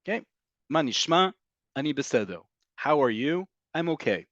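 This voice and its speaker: A man's voice: a little high, big pitch swings, fast talker, a bit bright, no echo, dull audio. A man teaching Hebrew vocabulary in an online class, explaining patiently with fillers and frequent "okay?" checks. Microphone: computer mic on a video call.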